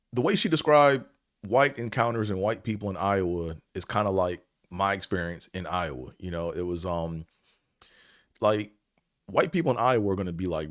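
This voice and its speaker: Recorded in studio quality with no room sound, this man hosts a podcast in a low voice. He tells a story and muses on it loosely, using lots of filler words and swearing casually.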